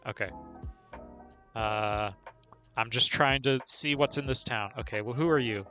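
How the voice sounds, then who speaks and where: Male streamer, bright, forceful voice, chatty play-by-play with frequent laughs. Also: medium pitch. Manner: chatty, laughs often, narrates own moves. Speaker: game streamer. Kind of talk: casual live gameplay commentary.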